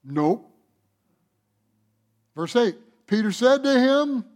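A male pastor with a high voice delivers a sermon. He swings from loud, fervent exhortation down to quiet, hushed reflection. He acts out the lines of the scripture figures with animated voices. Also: takes it slowly, pauses often.

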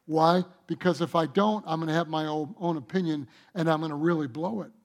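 A man preaching a sermon, swinging between loud exhortation and hushed reflection and acting out the scripture dialogue. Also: a little high, brisk. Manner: acts out scripture dialogue with animated voices. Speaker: pastor.

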